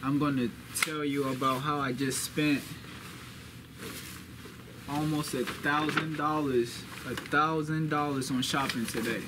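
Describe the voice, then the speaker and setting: A man's voice: on the high side, fairly even intonation, measured pace. A young man hosting a casual vlog, boastful and repeating phrases for hype, talking to a camera mic indoors at home. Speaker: vlogger. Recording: noisy background.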